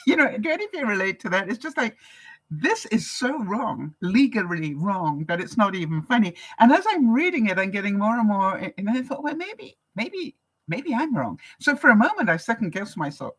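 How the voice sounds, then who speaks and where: A woman's voice: mid-range voice, big pitch swings, fairly quick, slightly rough, poor audio. An older woman from Canada, hosting a live vlog broadcast and chatting casually with viewers, laughing often. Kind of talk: casual advice chat to viewers.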